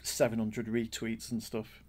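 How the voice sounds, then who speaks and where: A man's voice: on the low side, monotone, a little slow, darkish tone. A man from Britain co-hosting a podcast in casual chat, self-deprecating, with frequent stammered restarts. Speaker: cartoonist and podcast co-host.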